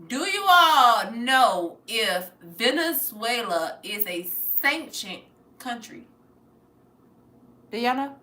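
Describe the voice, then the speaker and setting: A young American woman hosting a casual livestream, animated and profane, swinging between mutters and loud bursts. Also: medium pitch, reverberant, a little hiss or hum. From United States. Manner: profane, playful. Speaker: livestream host.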